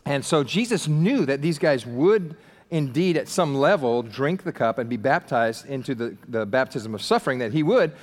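A man preaching with a fairly high voice, bouncing into quick put-on voices for the people in his story. His words carry a long reverb from a large hall around him. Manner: animated, acts out quoted voices, casual slang. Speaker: pastor. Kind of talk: sermon.

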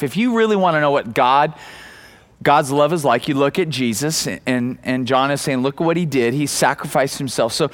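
A man preaching with a fairly high voice. He reads scripture slowly, then tells stories with restarts and repeated words. He builds up to loud, fervent preaching. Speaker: pastor. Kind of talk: sermon.

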